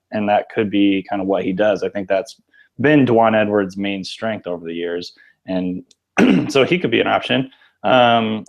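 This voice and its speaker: In a casual sports podcast chat, a male co-host with a lowish, creaky voice offers easygoing opinions. He hedges often with "like" and "I think."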